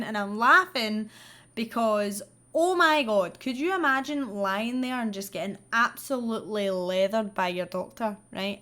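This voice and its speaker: A woman's voice: a little high, fairly bright tone. Woman vlogger, casual and sweary storyteller with wry asides. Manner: doing her makeup while she talks. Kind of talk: casual true-crime storytelling.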